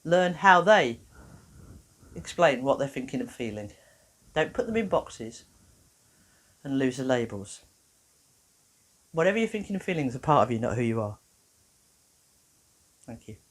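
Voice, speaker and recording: A woman talks to a workshop audience as a therapist and trainer. She tells her stories with lots of energy and acts out the dialogue. Her pitch rises and falls widely from moment to moment. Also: moderate pace, long pauses. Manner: lively storyteller, acts out dialogue. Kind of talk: animated talk to an audience.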